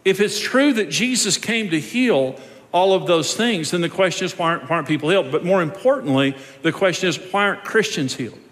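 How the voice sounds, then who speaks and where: Man, pastor, sermon, conversational then emphatic, fairly high voice, hall echo. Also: lively intonation, fairly quick, a bit bright. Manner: conversational preaching, rising to emphatic.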